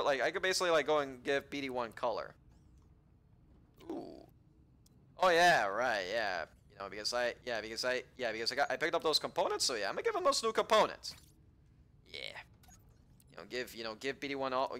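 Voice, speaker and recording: A man rambles to himself in casual let's-play commentary, restarting his sentences often, swearing, and erupting in sudden excitement. His voice sits at a medium pitch and moves briskly.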